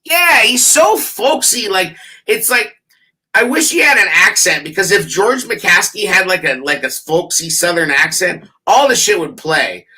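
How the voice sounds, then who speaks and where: A man riffs through casual sports banter on a podcast, animated and profane. His voice is bright and forward, and his pitch swings widely as he tells a story. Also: unhurried. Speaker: podcast host.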